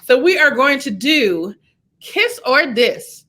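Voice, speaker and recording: A woman's voice: high voice, sing-song, takes it slowly, background noise. A woman hosting a casual online talk show, asking playful questions with a teasing, sassy manner. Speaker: show host. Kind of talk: casual interview chat.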